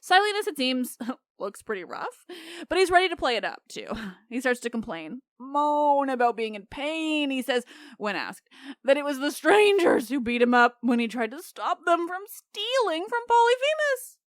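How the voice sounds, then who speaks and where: Irreverent, lively woman retelling myths. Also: high voice, moderate pace, dry recording, studio quality. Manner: chatty, irreverent, laughs often. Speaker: podcast host. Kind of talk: comic myth retelling.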